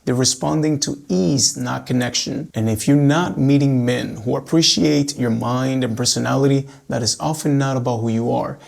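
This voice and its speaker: A relationship coach with a gravelly, mid-range voice gives direct-to-camera advice, addressing his women viewers calmly and in a measured way. He has recently recovered from an illness that had cost him his voice.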